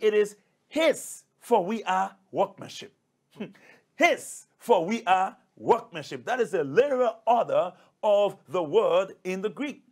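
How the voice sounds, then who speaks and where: A male pastor preaching a sermon, emphatic and repetitive, addressing listeners as brothers and sisters. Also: high voice. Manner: emphatic, repeats key phrases.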